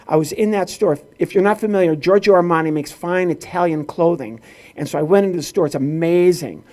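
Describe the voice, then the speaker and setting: A middle-aged Midwesterner from rural Illinois works a corporate event with stand-up comedy, voicing the dialogue in his stories. He sounds a little high, a little fast and a little mellow.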